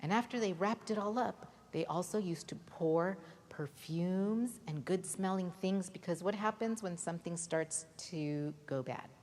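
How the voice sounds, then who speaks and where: A woman telling a Bible story to children at a church holiday Bible school, lively and often asking the kids questions. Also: on the low side, a little slow, hardly any pauses. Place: church hall. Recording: reverberant hall, faint noise.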